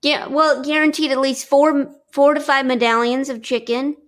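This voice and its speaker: A woman playing an uneasy rock star guest, slightly high, halting and filler-heavy. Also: level tone, natural voice. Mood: earnest. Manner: hesitant, full of fillers. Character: awkward female rock star guest pushing frozen dinners. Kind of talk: improvised comedy radio bit.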